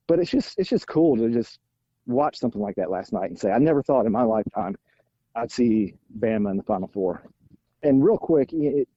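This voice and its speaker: A middle-aged man, a podcast guest telling stories in animated, self-deprecating casual chat. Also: medium pitch, husky, no echo, dull audio. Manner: animated, self-deprecating storyteller with rising exasperation. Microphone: phone while out walking.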